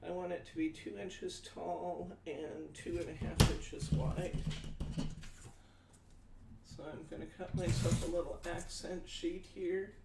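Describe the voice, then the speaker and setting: A man hosting a live-stream crafting demonstration, chatting folksily with viewers and talking through each measurement step by step. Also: high-pitched. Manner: chatty, folksy, answers viewer comments aloud. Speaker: craft show host. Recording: echoey room, distant mic, faint noise.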